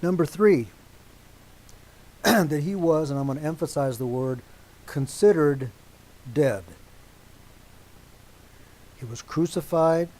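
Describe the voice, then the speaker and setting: A man preaching a teaching sermon to a congregation, deliberate and emphatic, stopping often to check that his listeners agree. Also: on the high side, darkish tone, poor audio.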